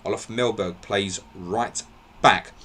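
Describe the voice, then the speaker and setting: A man hosting a live football podcast, briskly reeling off team line-ups and laughing at his own slips. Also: lowish voice, steady tone, bright, forceful tone. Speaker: podcast host.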